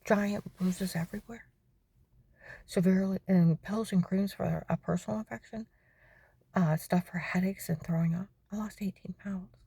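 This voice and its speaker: A woman's voice: medium pitch, steady tone, moderate pace, creaky, warm tone, slightly rough, no echo. A middle-aged woman telling her own story in a testimony monologue, keeps asking "okay?" and often drops into a whisper.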